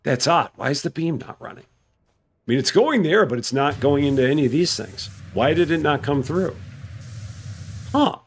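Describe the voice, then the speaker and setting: A man casually commenting to his chat while playing a video game, musing aloud and rising in pitch when surprised. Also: moderate pace, husky. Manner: chatty, talks to himself and chat, animated rises in pitch. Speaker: streamer.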